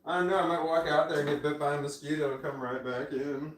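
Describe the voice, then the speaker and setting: A man's voice: fairly high pitch, little pitch movement, fast, a little hiss or hum. Rambling, swearing man in his forties. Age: 40s. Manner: rambling, swearing, self-interrupting. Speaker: livestreamer. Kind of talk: casual livestream chat. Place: indoors at home. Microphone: phone camera. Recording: echoey room, off-mic.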